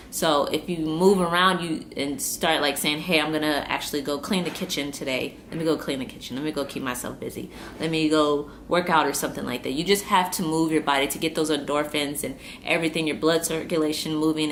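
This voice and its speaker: A woman in her twenties with a low voice speaks straight to camera in a personal vlog. She talks earnestly and circles back over her points, working to keep from crying. A faint hiss sits under the recording. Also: fairly bright tone. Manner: earnest, repeats herself, trying not to cry. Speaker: vlogger.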